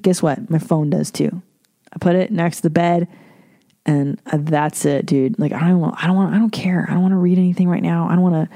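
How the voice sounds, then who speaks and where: A middle-aged woman hosting her own podcast, talking bluntly and swearing freely as she rambles from one thought to the next. Her voice sits low and mellow. The sound is close and dry, with no room around it. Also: no echo. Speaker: podcast host. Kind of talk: casual solo podcast talk.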